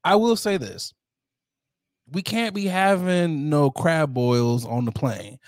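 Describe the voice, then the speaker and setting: A man's voice: fairly high pitch, slow pace, darkish tone, no echo, studio quality. A man co-hosting a casual podcast, reading out a story and chatting, often laughing through his words. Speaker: podcast co-host.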